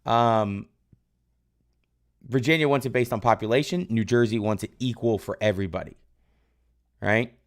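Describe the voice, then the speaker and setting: A man's voice: mid-range voice, moderate pace, pauses often. A man teaching a live-streamed exam review lesson, loosely quizzing his viewers and praising their answers. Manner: loose, rambling, tag questions like "right?". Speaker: history teacher.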